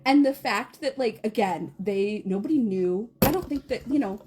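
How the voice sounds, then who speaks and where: A woman in her thirties, a podcast co-host, telling a chaotic morning story in a casual, animated way, often laughing and acting out quotes. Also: normal speed, background noise. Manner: animated, laughing, acts out quotes in a high squeal.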